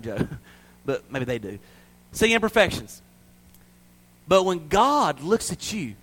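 A pastor from the American South preaches a sermon, swinging between loud, high-pitched exhortation and hushed intensity.

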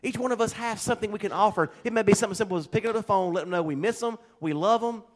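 A man's voice: high-pitched, very fast. A male pastor giving a folksy, conversational sermon at a church service, full of homespun jokes and chatty asides.

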